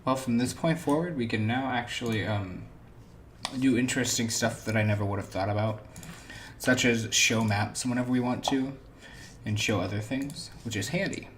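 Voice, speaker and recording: A man's voice: medium pitch, moderate pace, fairly bright tone, slight background noise. A man playing a tabletop game and running the stream, talking casually and hesitantly while distracted by setup. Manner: distracted, hesitant with many ums. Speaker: player and stream host. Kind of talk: casual tabletop play chat.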